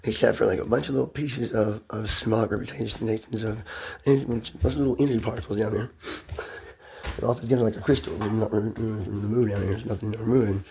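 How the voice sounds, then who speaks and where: A man's voice: lowish voice, fairly even intonation, fairly quick, mellow, a little hiss or hum. A man talking alone in a loose, rambling, profane stream of thought, as in a self-recorded monologue. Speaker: solo monologue speaker.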